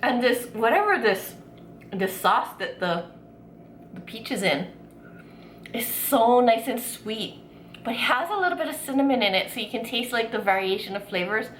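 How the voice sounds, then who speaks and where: A woman food vlogger chatting excitedly while tasting desserts, gushing with lots of fillers. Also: fairly high pitch, normal speed, echoey room, slight background noise. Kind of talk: casual food tasting vlog.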